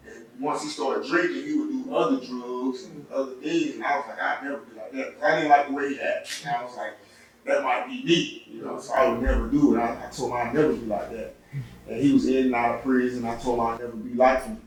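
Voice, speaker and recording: A middle-aged man telling his life story in an interview, heartfelt and halting, often repeating words. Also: mid-range voice, fairly even intonation. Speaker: interviewee giving testimony. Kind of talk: personal testimony interview. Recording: echoey room, distant mic, faint noise.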